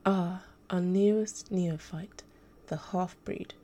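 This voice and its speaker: A woman's voice: fairly low pitch, fairly even intonation, slow, dark tone. A woman reading a haughty, cruel male angel teacher in an audiobook, talking down with a sneer. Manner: sneering, condescending.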